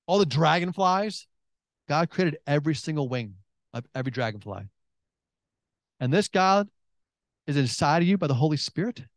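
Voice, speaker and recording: A middle-aged man preaches with a slightly raised pitch, pressing his points hard. He repeats phrases for emphasis and swings between excited bursts and quiet, intense stretches. The sound is dry and close. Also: no echo. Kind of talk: sermon.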